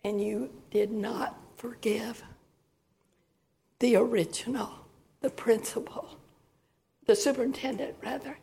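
A woman with a hoarse voice quoting God as a soft, gently correcting voice. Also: on the high side, normal speed, slight background noise.

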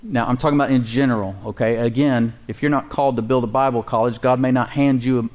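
A man preaching at a middle pitch, delivering a sermon with call-and-response. He slows down to read scripture aloud and asks his listeners questions. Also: fairly even intonation, darkish tone. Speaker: pastor.

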